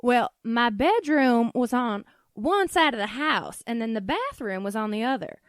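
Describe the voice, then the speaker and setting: A woman's voice: fairly high pitch, expressive, a little slow, dry recording, studio quality. A woman putting on a Southern accent to voice her flustered, chatty middle-aged mother. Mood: defensive. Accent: Southern US, put on.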